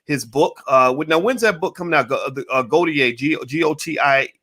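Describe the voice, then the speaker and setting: Male interview host with a bright, forceful voice who stumbles and repeats words with enthusiasm. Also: fairly high pitch, a little fast. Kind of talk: casual interview chat.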